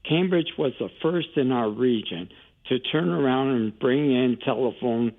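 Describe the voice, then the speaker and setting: A man's voice: mid-range voice, measured pace. A man calling in to a radio talk show, speaking hesitantly with frequent restarts. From Canada. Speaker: caller. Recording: tinny phone line.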